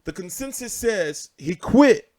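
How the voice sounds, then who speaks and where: Animated, profane male boxing ranter. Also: high-pitched, takes it slowly. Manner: animated, profane, repeats himself. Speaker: boxing commentary host. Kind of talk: casual ranting commentary.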